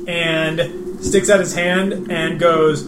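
A man's voice: fairly high pitch, level tone, slow. A man playing a tabletop game, describing his character's actions in third person. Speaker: player. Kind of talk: casual tabletop play. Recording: echoey room with noise.

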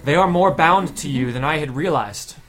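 Guy doing a careful, formal lady scholar, measured and wary, faint music behind. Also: on the high side, close to an everyday voice. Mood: worried. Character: serious female scholar, cautious and analytical.

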